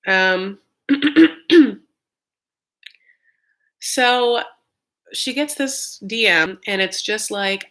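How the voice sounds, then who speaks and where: A woman's voice: mid-range voice, drawn-out words, pauses often, a bit bright. A woman in her thirties giving a casual live reaction recap of a reality show, chatty and sarcastic, filling her talk with "like". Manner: chatty, sarcastic, heavy use of "like".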